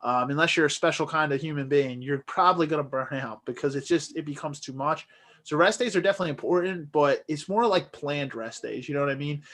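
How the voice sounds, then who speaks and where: A man's voice: fairly high pitch, a little fast, a bit bright. A man co-hosting a podcast, talking earnestly and motivationally in casual chat with plenty of fillers. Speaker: podcast co-host.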